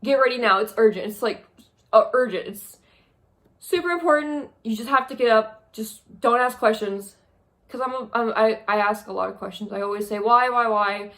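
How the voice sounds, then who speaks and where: A young woman talks to her camera from a small spare room, her voice high and wavering as she holds back tears. She sounds drained and numb, stopping and restarting as she speaks. Her delivery is halting and heavy. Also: fairly bright tone. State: on the verge of tears. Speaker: vlogger. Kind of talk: tearful monthly review vlog.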